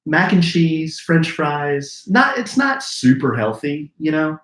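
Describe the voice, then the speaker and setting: A man co-hosting a show, chatting casually and telling a story with lively acted-out quotes. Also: on the high side, slow. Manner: animated storyteller, acts out quotes. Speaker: co-host. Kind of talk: casual chat. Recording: roomy echo.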